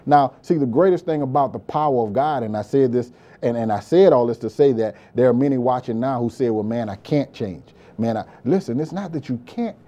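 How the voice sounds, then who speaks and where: In a fairly quick, darkly toned mid-range voice with lively intonation, this male pastor delivers an impassioned sermon. Calls of "beloved" and "praise God" come often, and he leans on repetition for emphasis.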